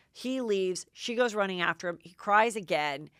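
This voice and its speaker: Middle-aged woman podcast host, chatty gossip recapper, lowish resonant tone. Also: moderate pace, hardly any pauses, no room sound, clean studio sound. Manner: chatty, excitable recapping with many "like"s. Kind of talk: casual gossip commentary.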